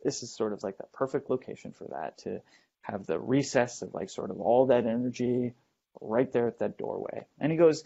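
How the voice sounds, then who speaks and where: A man hosting a show, telling a first-person ghost story in a halting way, with many fillers and restarts as he builds suspense, in a dull lo-fi recording. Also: mid-range voice, vocal fry, mellow, slightly rough. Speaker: host.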